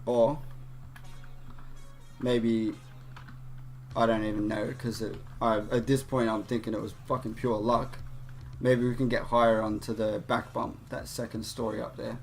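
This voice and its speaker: A man's voice: mid-range voice, little pitch movement, a little slow, vocal fry, pauses often, faint music behind. A young man hosting a gaming channel, telling a rambling, profane story with many restarts while he plays. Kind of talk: casual storytelling over gameplay.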